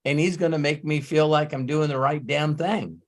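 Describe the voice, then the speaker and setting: A man's voice: on the high side, fairly even intonation, moderate pace. Male host, casual coach, repeats words, gets emotional, curses freely. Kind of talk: casual live Q&A storytelling.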